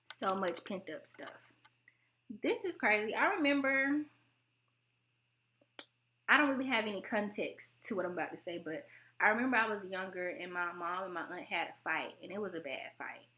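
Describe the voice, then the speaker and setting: Brisk and animated, a young vlog host from the United States talks casually to the camera in a bright voice with a faint teary edge. She laughs a lot and imitates relatives in high-pitched voices.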